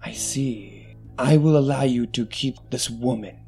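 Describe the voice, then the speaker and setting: A man voicing a skeletal male death spirit with a scythe, speaking slowly and menacingly. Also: mid-range voice, gravelly, warm tone, faint music behind. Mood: bargaining. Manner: slow, measured, menacing.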